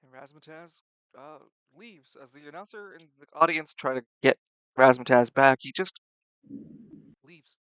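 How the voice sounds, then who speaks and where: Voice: mid-range voice, measured pace, fairly bright tone, clean tone, no room sound, lo-fi sound. A game master narrating a tabletop role-playing game in a blunt, casual way, swearing freely.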